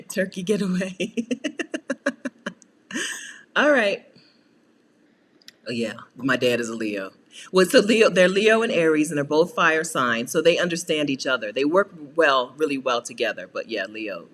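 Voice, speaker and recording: This woman's delivery is expressive and fairly bright, at a normal speed but with long pauses. As a coach and channel host on a relaxed livestream, she talks with viewers and takes their comments, full of laughter and playfulness, with the odd high-pitched, exasperated aside.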